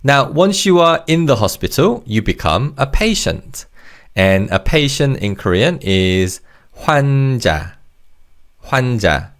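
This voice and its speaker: A man teaching Korean vocabulary in English, explaining word parts and leading repeat-after-me drills in a patient, encouraging way. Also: medium pitch. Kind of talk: language lesson narration.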